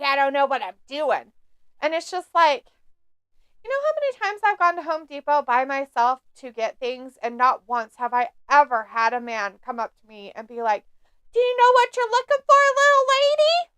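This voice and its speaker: Giggly high-voiced woman reading chat. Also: animated, moderate pace, bright, forceful tone, smooth, no echo. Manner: laughs often, reads viewer chat aloud. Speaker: live stream co-host. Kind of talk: casual watch-along chat.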